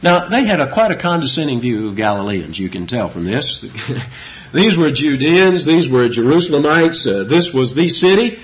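A male preacher delivers a sermon with emphatic, rhetorical questions that he answers himself. His pitch swings widely as he drives each point home. The recording sounds dull and lo-fi. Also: sing-song, moderate pace. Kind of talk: expository sermon.

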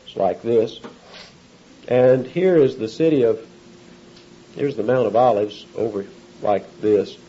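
A man's voice: medium pitch, slow, pauses often, warm tone, highs cut off, a little hiss or hum. A male pastor preaching an expository sermon in a conversational way, often putting questions to his listeners. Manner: conversational, asks the audience questions.

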